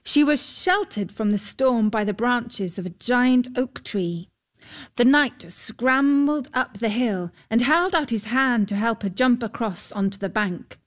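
A woman calmly reading a fairy tale aloud as narrator. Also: mid-range voice, measured pace. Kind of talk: storybook narration.

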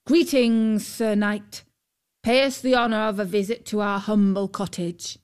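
A woman's voice: mid-range voice, fairly even intonation, a little slow, darkish tone, clean tone, lightly acted. A woman voicing a troubled old fisherman, earnest and scolding in a storybook tale. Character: troubled old male fisherman, stern but gentle.

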